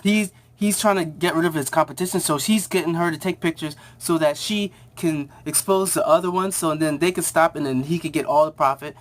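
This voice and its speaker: A mid-range voice belongs to a TV show reviewer casually recapping an episode. He rambles, restarts often, fills gaps with fillers, and acts out characters' lines in quick asides.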